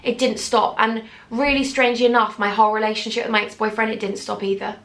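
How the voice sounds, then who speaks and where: A young woman with a fairly high voice speaks straight to her viewers in an emotional storytime vlog. She sounds tearful, earnest and heartfelt. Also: little pitch movement, fast, fairly bright tone. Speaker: YouTuber.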